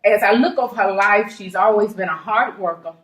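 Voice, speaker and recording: A woman giving an earnest, measured introduction of a candidate with churchy phrasing. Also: mid-range voice, a bit bright. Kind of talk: formal introduction speech. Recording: echoey room from far off.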